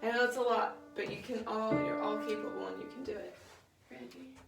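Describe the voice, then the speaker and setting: Loud music plays behind a young woman's fairly high, gravelly voice as she briskly runs a women's choir rehearsal. The choir director explains singing technique patiently and encouragingly, with frequent fillers. The rehearsal room echoes, and her voice sounds distant.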